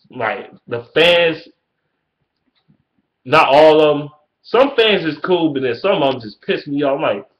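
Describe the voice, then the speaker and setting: Fired-up swearing man ranting. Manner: heated, swearing, rising to yelling; repeats himself, trails off with low mutters. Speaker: sports fan vlogger. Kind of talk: profane sports rant.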